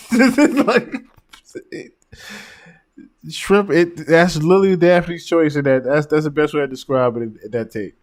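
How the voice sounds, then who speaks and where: A man's voice: on the high side, brisk, few pauses. Man casually commenting on his podcast. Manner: laughing, animated storyteller. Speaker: podcast host.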